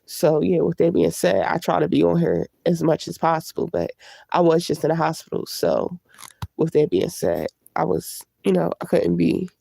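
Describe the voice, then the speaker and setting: A woman's voice: low voice, animated, normal speed, dark tone. A woman vlogger chatting candidly on a livestream, congested from a cold. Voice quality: gravelly. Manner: candid, chatty, greets live viewers. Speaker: YouTube vlogger. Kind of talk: casual live-stream chat.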